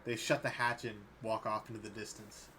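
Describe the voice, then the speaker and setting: A man's voice: lowish voice, flat delivery, fairly quick, noisy background. A man narrating as dungeon master in a tabletop game, laid-back and easygoing in tone.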